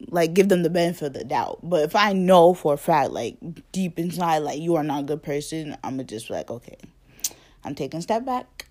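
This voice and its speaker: A woman's voice: deep voice, lively intonation, fairly quick, a little mellow. Chatty young woman telling a story. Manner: chatty, lots of "like" and quoted dialogue, laughs often. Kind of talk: casual storytelling.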